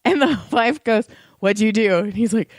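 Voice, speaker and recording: A woman's voice: on the high side, animated, moderate pace, dry recording. Young woman gabbing away, voice kinda strained, dry close sound, laughs a lot. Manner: chatty storyteller, laughs often. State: strained vocal cords. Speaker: podcast co-host. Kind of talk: casual chat.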